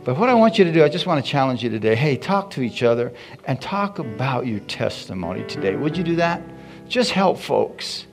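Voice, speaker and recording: A man preaching in a church, his voice gravelly with fry. He tells stories in a folksy, repetitive way before moving into prayer. Soft guitar music plays faintly behind him. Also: mid-range voice, sing-song, a little fast. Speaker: pastor. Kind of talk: sermon with storytelling and prayer.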